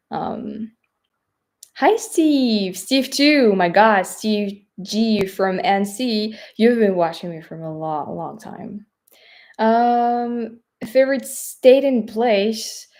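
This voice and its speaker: A young woman with a French accent, chatting casually on a live stream, with a hesitant manner and lots of fillers. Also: mid-range voice. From France. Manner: hesitant, many fillers, soft trailing asides. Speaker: travel vlogger. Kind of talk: live stream chat reading viewer questions.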